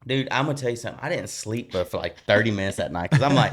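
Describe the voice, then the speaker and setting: A man sharing his personal faith testimony as a podcast guest, earnest and animated, talking in a colloquial, rambling way with many restarts. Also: lowish voice, rapid-fire.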